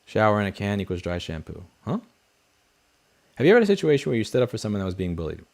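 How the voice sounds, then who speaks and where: Blunt, profane man with a low voice. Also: darkish tone. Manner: blunt, profane, rambling storyteller. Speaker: livestream host. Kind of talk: casual chat, reading viewer messages. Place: home studio desk. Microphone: studio headset mic.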